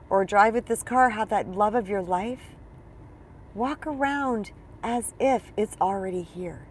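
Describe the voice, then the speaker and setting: A woman speaking as a spiritual coach in a casual teaching monologue, chatty and emphatic, often checking in with her listeners. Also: fairly high pitch.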